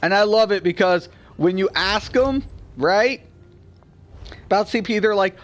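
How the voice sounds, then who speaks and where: A man in his forties hosting a gaming channel, ranting bluntly and swearing freely, swinging between low grumbling and loud excitement. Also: normal speed. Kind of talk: casual gameplay rant.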